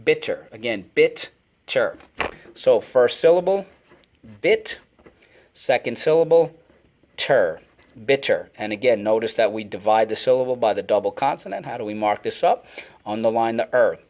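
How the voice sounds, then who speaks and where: A man's voice: mid-range voice, normal speed, darkish tone. A man teaching a phonics lesson to children, energetically calling out words and repeating them for the class to echo.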